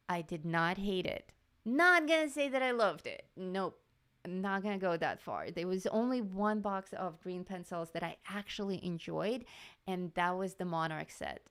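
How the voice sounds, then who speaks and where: A woman's voice: lowish voice, creaky, clean tone. A woman hosting a live coloring stream, chatting casually with viewers, laughing often and greeting people in the chat.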